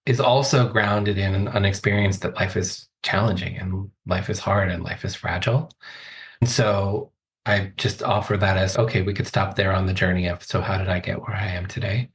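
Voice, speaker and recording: A man in his forties, a coach, telling his life story as a podcast guest in a thoughtful, earnest way. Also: low-pitched. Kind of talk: reflective interview talk.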